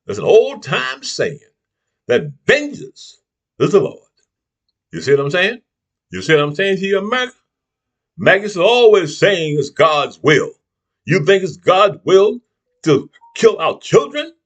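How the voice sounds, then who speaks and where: A husky man with a slightly high voice delivers a fiery political rant straight to camera. His pitch swoops all over the place as he preaches, calls names and keeps punctuating his points with a challenging "huh?". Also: very animated, a little slow, pauses often, fairly bright tone. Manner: preachy, keeps tossing in "huh?" and "you see what I'm saying"; angry, name-calling. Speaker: YouTube political commentator.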